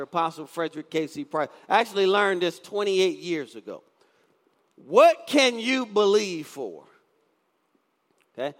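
Pastor, man, 50s, high and lively delivery, quizzes the congregation, church reverb. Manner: keeps asking the congregation questions. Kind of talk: sermon. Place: church sanctuary.

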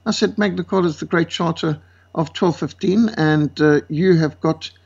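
South African man telling animated stories. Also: a little high, normal speed, creaky, breathy edge. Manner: lively, acts out quoted voices. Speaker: guest speaker. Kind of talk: animated storytelling. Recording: dull lo-fi sound.

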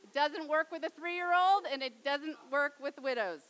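Bright-voiced woman preaching a sermon. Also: high voice, moderate pace, poor audio. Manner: soft and hushed in storytelling, rising to emphatic.

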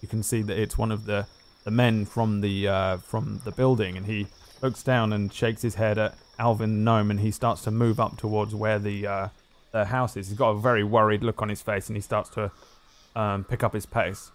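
A man narrating as game master in a tabletop game, relaxed and rambling with many fillers. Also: lowish voice, moderate pace.

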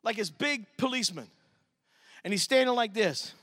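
A man preaching a church sermon, telling a story in an animated way and acting out the voices in it. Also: sits high, normal speed, no echo, clean studio sound. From Michigan, USA. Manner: animated, acts out quotes in the story. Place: church service.

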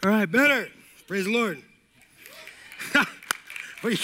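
A middle-aged man preaching a sermon as pastor, energetic and repetitive, with jokey asides and calls of amen. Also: sits high, slow, long pauses.

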